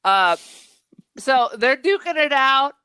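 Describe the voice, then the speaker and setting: Bright-voiced woman podcast co-host. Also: high voice, no echo. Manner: animated, quick retelling of plot. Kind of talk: casual chat.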